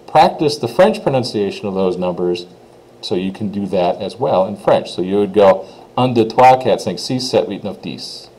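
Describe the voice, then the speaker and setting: With a fairly low, mellow voice, an English-speaking man runs a relaxed French pronunciation lesson, slowly repeating words and asking "okay?" to check in. The recording is low quality.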